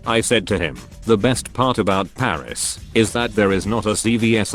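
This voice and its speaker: A man with a fairly low voice reads a string of short forum anecdotes aloud. His delivery is steady and scripted, moving evenly from one story to the next. Soft music plays quietly underneath. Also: moderate pace, hardly any pauses. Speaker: narrator. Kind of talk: scripted narration of online stories.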